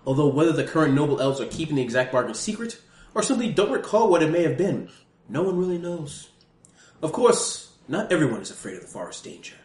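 A man's voice: a little high, sing-song, fast talker, darkish tone. A man putting on a British accent to voice a haughty scholar reading a fantasy guidebook aloud. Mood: grandiose. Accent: put-on British. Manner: mock-grand, theatrical. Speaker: dungeon master. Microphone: single USB mic in the middle of the table. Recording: echoey room, one table mic.

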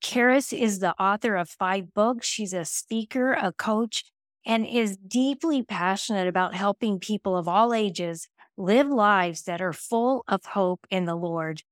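A woman's voice: medium pitch, a little slow, no echo, studio quality. A woman hosting a faith podcast, welcoming her guest with enthusiasm. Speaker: podcast host. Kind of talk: casual chat.

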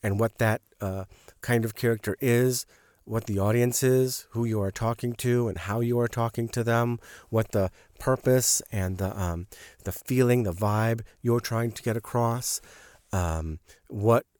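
A man with a hoarse, sick-sounding voice, chatting casually in a rambling solo monologue with many fillers. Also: medium pitch, a little slow, darkish tone, no room sound. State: hoarse from a cold. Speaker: podcast host and voiceover artist.

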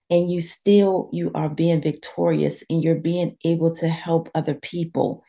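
A woman life coach speaking as a guest in a conversational interview, animated and preacherly, often acting out inner dialogue. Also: fairly low pitch.

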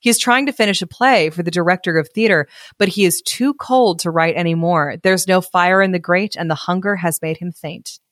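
A woman reads a storybook aloud in a lowish, close, dry voice. She stops now and then for joking, casual commentary. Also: a little fast, hardly any pauses, a bit bright, no echo. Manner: breaks off reading for joking commentary. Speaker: podcast host reading a story. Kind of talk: storybook reading with casual chat asides.

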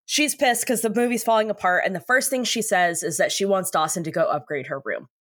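A woman's voice: medium pitch, brisk, fairly bright tone, no echo, clean studio sound. A woman co-hosting a podcast, recapping an episode in a chatty, profane way and laughing often. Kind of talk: casual chat.

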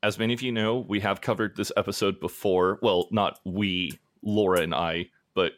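A man's voice: deep voice, steady tone, normal speed, dry recording. A man hosting a podcast, chatting casually and rambling with frequent laughs. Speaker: podcast host. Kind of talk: casual chat.

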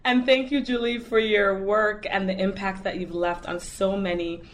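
A woman's voice: medium pitch, steady tone, normal speed. Woman podcast host, closing remarks, slight hiss behind.

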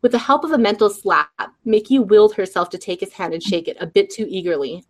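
A woman author reading her own novel aloud, relaxed, with side comments and restarts. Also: mid-range voice, quick pace, hardly any pauses.

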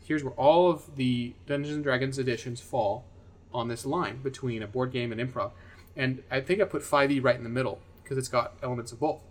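A man co-hosting a casual podcast chat, who runs his own games and argues his points in a measured, dry way. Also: medium pitch, steady tone. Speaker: podcast co-host, game master.

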